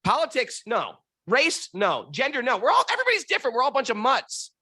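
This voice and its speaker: A man co-hosting a casual spiritual chat, playful and quick to laugh, with loose asides between his points. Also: very high voice, wildly swooping pitch, pushed and bright, husky, no echo, clean studio sound. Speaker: co-host answering questions.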